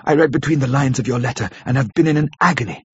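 A man's voice: medium pitch, fast talker, husky, no echo. A man voicing an earnest, devoted young man who speaks eagerly and pleadingly. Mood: anxious. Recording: dull lo-fi recording.

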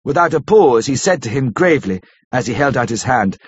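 A man narrates a classic novel at a measured, steady pace. His voice is husky and mid-pitched. The recording is dry and lo-fi. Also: dry recording. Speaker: audiobook narrator. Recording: dull lo-fi recording.

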